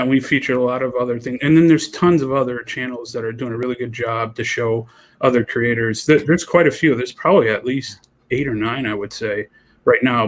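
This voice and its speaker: A man, a comic artist guest on a livestream, agreeable and self-deprecating in casual talk. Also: mid-range voice.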